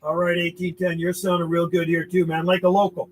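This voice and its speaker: Man, CB operator, high voice, friendly call-sign chatter, loud static behind. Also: completely flat delivery, fairly quick. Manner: friendly, repeats call signs, easygoing chatter. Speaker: CB radio operator. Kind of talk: radio calling with call signs.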